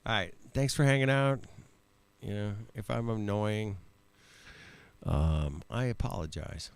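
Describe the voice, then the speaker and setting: Laid-back gravelly host, laughs a lot. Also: male voice, fairly low pitch, a little slow. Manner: laid-back, laughs often, swears, says man and bro. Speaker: livestream host. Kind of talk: casual chat.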